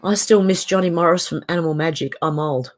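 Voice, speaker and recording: Low-voiced Australian woman chatting casually. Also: a little fast. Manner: chatty and opinionated, laughs often. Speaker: channel host. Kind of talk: casual livestream chat reading viewer comments.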